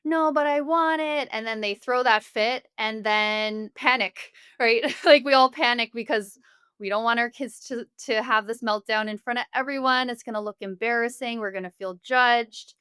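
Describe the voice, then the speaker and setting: Smooth, slightly high-voiced woman therapist. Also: fairly even intonation, moderate pace, pushed and bright, dry recording, clean studio sound. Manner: earnest, explanatory, with relatable everyday examples. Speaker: family therapist guest. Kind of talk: podcast interview.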